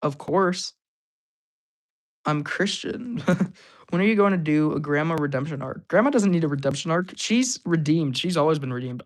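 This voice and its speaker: A man hosting a casual live stream Q&A, reading out viewer comments and answering them. He is hyper, laughs often and sounds slightly hoarse. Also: fairly high pitch, animated, moderate pace.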